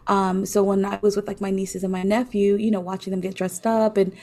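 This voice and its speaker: A woman's voice: medium pitch, level tone, brisk, warm tone. A woman co-hosting a podcast, chatting in a hesitant, rambling way full of fillers. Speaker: podcast co-host. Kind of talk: casual chat.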